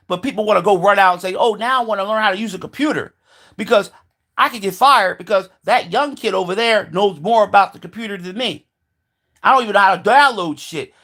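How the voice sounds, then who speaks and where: A man with a high-pitched voice delivers a heated, profane rant straight to the camera. He swears constantly and mimics other people in mocking quoted voices as he argues. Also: sharp tone. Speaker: video commentator. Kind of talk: angry political rant.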